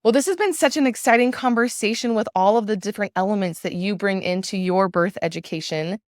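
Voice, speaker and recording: A woman hosting an interview podcast, speaking in measured, thoughtful, long flowing sentences. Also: medium pitch, no room sound, studio quality. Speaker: podcast host. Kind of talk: casual interview conversation.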